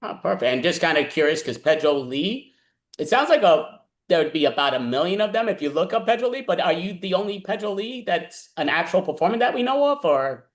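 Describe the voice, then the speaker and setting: A man's voice: high-pitched, sing-song, a little fast. A man hosting an online comedy show over a video call, easygoing and chatty. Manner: easygoing, chatty, laughs often. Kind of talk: casual interview chat.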